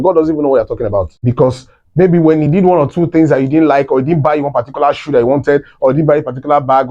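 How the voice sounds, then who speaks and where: Casting note: a man, higher-voiced but dark in tone, lecturing wives in a scolding, animated way, heard on a dull lo-fi recording. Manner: animated, scolding, jumps to high exclamations. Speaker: relationship talk host. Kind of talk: preachy advice talk. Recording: dull lo-fi sound.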